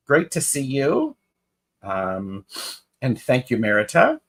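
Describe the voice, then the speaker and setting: A man's voice: mid-range voice, huge pitch swings, slow, long pauses, a bit bright. A man co-hosting a live tarot stream in casual chat, greeting viewers by name with fillers and restarts.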